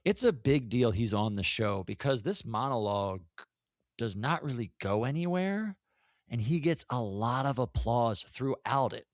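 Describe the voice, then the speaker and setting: A man co-hosting a podcast, chatting casually in a joking, animated way. His pitch swings widely as he talks. The sound is close and dry, with no room echo. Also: unhurried. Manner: joking, animated, reads his own notes aloud. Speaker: podcast co-host. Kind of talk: casual chat reviewing an old comedy episode.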